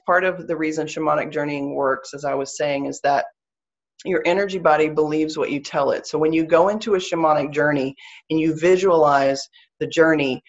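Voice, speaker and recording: With a Southern US accent and a low-pitched voice, a woman leads a live online class about spiritual practice. The recording's highs are cut off, and she explains earnestly, coming back to her key phrases again and again.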